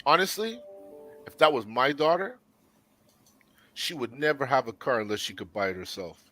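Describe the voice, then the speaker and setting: A man's voice: medium pitch, lively intonation, moderate pace, bright, forceful tone, faint music behind. A man speaking as a panelist in a casual discussion, telling stories with blunt opinions and plenty of swearing. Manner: profane storyteller, blunt opinions.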